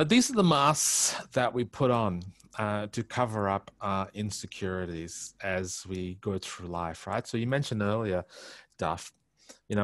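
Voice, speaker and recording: A man in his fifties, a guest telling stories in a conversational interview, animated and quick to laugh. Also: deep voice, dry recording. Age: 50s. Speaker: guest, communication coach.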